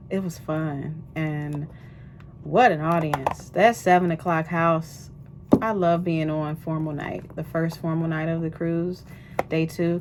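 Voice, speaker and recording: Doing her makeup in a ship cabin, a woman who sings on a cruise ship vlogs in a chatty, animated way, full of asides to viewers. Her voice sits on the low side, she's out of breath, and there's slight background noise.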